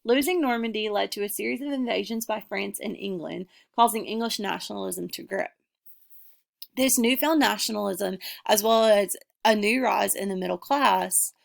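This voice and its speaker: A young woman giving a class presentation, reading her points in an earnest, measured way. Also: medium pitch, vocal fry. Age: young adult. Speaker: student presenter. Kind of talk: class presentation, read from notes.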